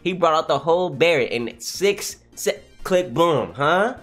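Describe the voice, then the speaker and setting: A man reacting live to a comic as he reads it, excitable and profane, laughing often and swinging between high and low voices. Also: a little slow, faint music behind.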